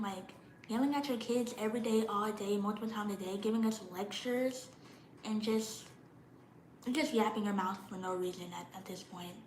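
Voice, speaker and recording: A woman's voice: a little high, reverberant, a little hiss or hum, rough recording. A young woman vlogging casually, blunt and slangy, shivering a little from the cold. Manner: slangy, blunt, drops into mocking parent impressions. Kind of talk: casual monologue vlog.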